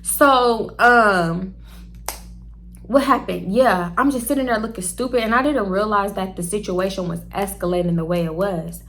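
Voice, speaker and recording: Bright-voiced young woman. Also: mid-range voice, moderate pace, slight background noise. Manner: chatty, animated, swears freely, talks straight to viewers. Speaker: storytime vlogger. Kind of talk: casual storytelling to camera.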